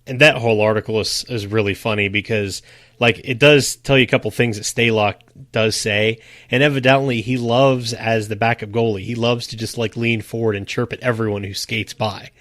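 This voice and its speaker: A man's voice: fairly low pitch, fairly even intonation, moderate pace, fairly bright tone, no echo, studio quality. A man co-hosting a casual sports podcast, chatty and laughing often as he tells stories. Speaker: podcast co-host.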